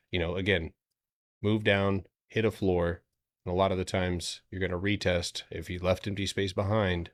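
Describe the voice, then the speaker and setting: Deep-voiced man breaking down stock charts. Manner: loose, joking, swears casually. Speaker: stock trading stream host. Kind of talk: casual market analysis on a livestream.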